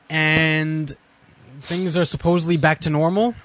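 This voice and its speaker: A man's voice: a little high, steady tone, normal speed, a bit bright, no echo. Sardonic, rambling man reviewing a movie. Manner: rambling, sardonic, profane, with many restarts. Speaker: podcast co-host. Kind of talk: casual movie review chat.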